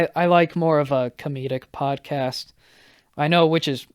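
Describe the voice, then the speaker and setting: A young man hosting a solo podcast, telling a story in a casual, rambling, profane way, a little hoarse and stopping often to correct himself. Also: mid-range voice, no room sound, studio quality. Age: young adult. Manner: rambling, profane, self-interrupting. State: slightly hoarse. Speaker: podcast host.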